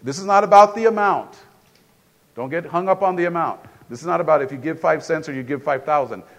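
A man's voice: on the high side, brisk. A man preaching a sermon in a church in a casual, conversational way, often repeating and restarting phrases. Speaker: pastor.

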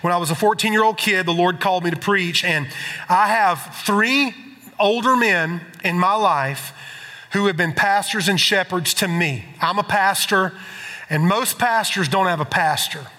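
A man's voice: high-pitched, normal speed, bright, forceful tone. A man, preaching as a guest speaker in a chatty, joking, emotional way. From South Carolina. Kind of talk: sermon introduction. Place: large church hall. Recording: hall echo from pulpit mic.

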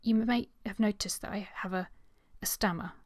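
A woman's voice: mid-range voice, normal speed, no room sound, clean studio sound, natural voice. A woman voicing a shy, earnest girl of seventeen who stammers anxiously.

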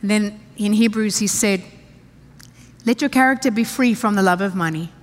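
A woman's voice: medium pitch, normal speed. Emphatic woman preaching in a reverberant hall. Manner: emphatic, repeats phrases, reads scripture aloud. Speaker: pastor. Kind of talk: sermon.

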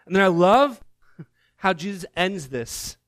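A man giving a sermon as a guest preacher, telling the story in an animated, conversational way with casual asides. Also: high voice, a little slow, dry recording.

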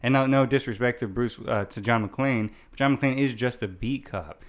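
A man's voice: mid-range voice, moderate pace. A man in casual movie chat as a podcast co-host, rambling with many fillers and restarts.

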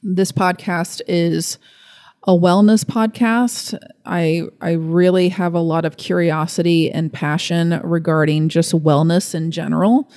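Woman podcast host, young adult, slow and gentle delivery, slightly low voice, earnest and excited. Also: no room sound. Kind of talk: casual solo podcast talk. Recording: dry close recording with faint music.

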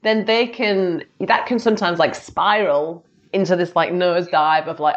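A woman's voice: lowish voice, fairly even intonation, moderate pace, hardly any pauses. A chatty, enthusiastic woman from England hosting a casual interview, with many fillers. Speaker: podcast host. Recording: slightly dull lo-fi audio.

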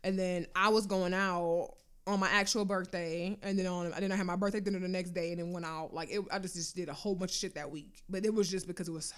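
A young woman telling a personal story in casual chat, animated and freely swearing. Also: on the low side, fast talker, smooth.

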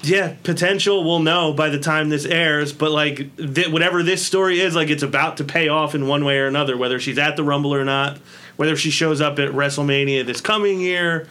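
Bright-sounding guy chatting on a podcast, laughs a lot, slightly high voice. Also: steady tone, a little fast. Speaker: podcast co-host. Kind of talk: casual chat.

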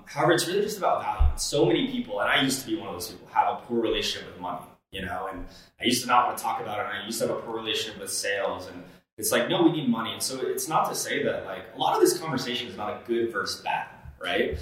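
A man's voice: fairly low pitch, expressive, fast, fairly bright tone. A man talks in an earnest, coaching way on a casual podcast, with plenty of fillers and restarts. His voice sits in the middle range. He is recorded from a distance in a very echoey room. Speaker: podcast co-host.

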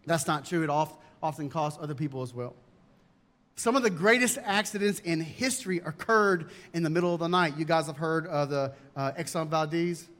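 A man's voice: on the high side, normal speed, a bit bright. A male pastor preaching a sermon emphatically and asking rhetorical questions, in a church. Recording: long hall reverb.

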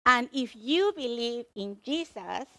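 A woman preaching a sermon, emphatic and expressive as she tells the story. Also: fairly high pitch, slow pace, no room sound.

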